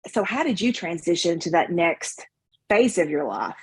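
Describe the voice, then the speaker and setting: A woman co-hosting a casual chat, asking her questions in a gentle, hesitant way. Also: fairly low pitch, lively intonation, normal speed, breathy edge, dry recording. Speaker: co-host.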